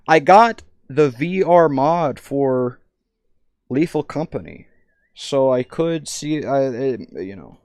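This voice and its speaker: Rambling young man streaming, crisp dry voice. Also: mid-range voice, darkish tone, dry recording. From United States. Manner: rambling, self-interrupting storyteller. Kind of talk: casual live-stream chat.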